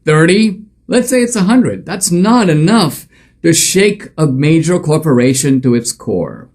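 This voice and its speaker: A man's voice: fairly high pitch, animated, measured pace, a little mellow. A male author and commentator telling a story in an emphatic, conversational monologue with frequent fillers.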